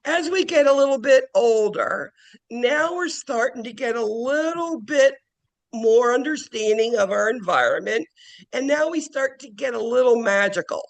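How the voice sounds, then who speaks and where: Man, nursing professor, classroom lecture, high voice, animated, acts out kids' games and cries. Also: normal speed, creaky.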